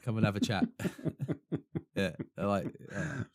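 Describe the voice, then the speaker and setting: Man, from Essex, podcast co-host, low pitch, dry sound, enthusiastic, laughs a lot. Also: measured pace, no echo. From Essex, England. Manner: enthusiastic storyteller, laughs often. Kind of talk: casual chat.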